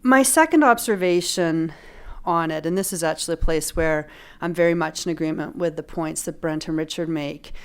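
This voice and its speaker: A middle-aged woman speaking on a legal ethics panel as a law professor, measured and analytical with touches of dry humor. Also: low voice, clean tone. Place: lecture room at a panel event.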